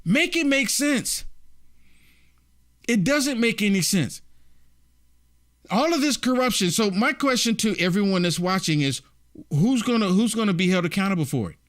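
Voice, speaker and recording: A high-pitched man talks straight to his audience in a heated political rant. He keeps asking rhetorical questions in an indignant, incredulous tone. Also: lively intonation, moderate pace, pauses often, a bit bright. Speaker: political commentary host. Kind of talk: direct-to-camera political rant.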